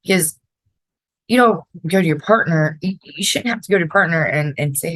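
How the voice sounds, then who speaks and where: A woman's voice: on the low side, fast, fairly bright tone, no room sound, low-quality recording. Florida woman hosting a podcast, new york meets southern accent, says it straight, curses a lot. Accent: mix of New York and Southern. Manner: blunt and direct, swears freely. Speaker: podcast host. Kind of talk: casual advice podcast.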